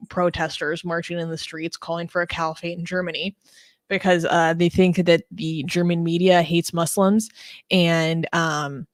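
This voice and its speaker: A woman co-hosting a casual political chat show, sarcastic, laughing often and filling pauses with ums and uhs. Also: fairly low pitch, no room sound, studio quality. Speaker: co-host.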